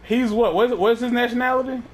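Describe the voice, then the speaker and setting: A man's voice: very high-pitched, fairly even intonation, brisk. A man hosting a casual chat, talking in a profane, rambling way with many restarts. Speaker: podcast host.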